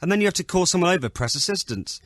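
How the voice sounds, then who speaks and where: Teasing radio host. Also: male voice, high voice, animated, racing, a bit bright, no room sound. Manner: teasing, chatty. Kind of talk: casual radio chat.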